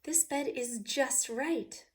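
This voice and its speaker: A woman's voice: high voice, slow pace, voice pushed up. Storybook bear, fussy and sleepy, judging everything aloud; a woman reads him. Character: hungry sleepy male bear trying things.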